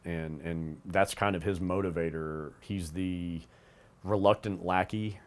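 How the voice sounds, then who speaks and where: His voice sits low and steady, and he speaks a little slowly. This co-host chats casually about a cartoon and its toys, rambling through fillers and restarts and acting out snippets of dialogue.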